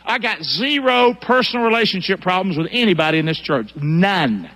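A fiery male pastor preaching to his congregation in church, his fairly high voice leaping up and down with energy. He talks in plain, colloquial language and pulls the crowd into call-and-response. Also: lively intonation, moderate pace, pushed and bright. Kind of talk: sermon.

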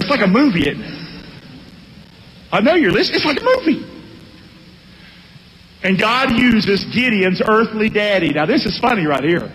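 Animated preacher in a reverberant hall. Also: male voice, high-pitched. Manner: animated, call-and-response with congregation. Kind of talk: sermon.

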